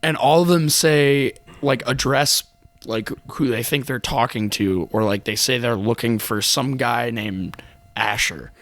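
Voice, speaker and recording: A man guesting on a casual podcast, telling a halting story full of "like". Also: mid-range voice, a bit bright. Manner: halting, filler-heavy storytelling.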